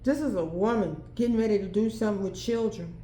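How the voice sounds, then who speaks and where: A woman's voice: mid-range voice, quick pace, dark tone, echoey room. A woman giving a solo tarot card reading, thinking aloud and breaking into exclamations and laughter. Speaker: tarot reader.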